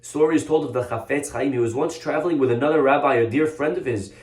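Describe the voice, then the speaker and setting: A man, a rabbi, teaching a Torah lesson as an animated storyteller with many restarts. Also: mid-range voice, fast talker. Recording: echoey room.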